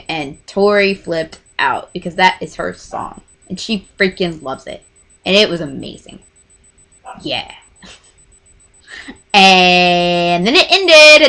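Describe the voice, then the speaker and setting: A woman in her twenties telling a rambling, excitable storytime to camera in casual chat. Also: mid-range voice. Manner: rambling, excitable, gushing fan. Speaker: vlogger.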